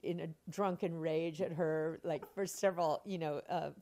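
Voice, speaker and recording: A woman's voice: sits low, normal speed. An older woman, a stage actress being interviewed, telling stories with lots of expression and frequent laughter. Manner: expressive, laughing often, acts out quotes. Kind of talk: animated anecdotal storytelling.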